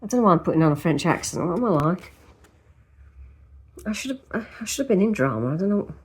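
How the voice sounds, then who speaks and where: A woman's voice: lowish voice, animated, quick pace, husky. A woman vlogger chatting casually to camera, rambling and speaking directly to the viewer, first at home and later outdoors in a park. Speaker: lifestyle vlogger.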